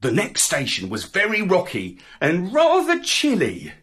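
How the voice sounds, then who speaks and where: Slow, expressive storyteller man. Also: high voice, breathy edge. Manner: expressive, swooping storybook delivery. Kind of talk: children's story reading.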